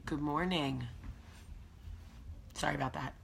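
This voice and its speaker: A woman's voice: sits low, unhurried, vocal fry, a little hiss or hum. A woman with a New Jersey accent hosting a casual morning vlog at home, chatty and emphatic. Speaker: host.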